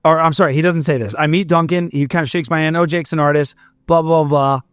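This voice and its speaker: A man's voice: a little high, fairly even intonation, fast talker, fairly bright tone, clean tone, no room sound, studio quality. Young man telling a rambling story. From Fort Myers, Florida. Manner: rambling, restarts and self-corrections, acts out quoted dialogue. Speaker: musician guest. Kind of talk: storytelling in a casual podcast interview.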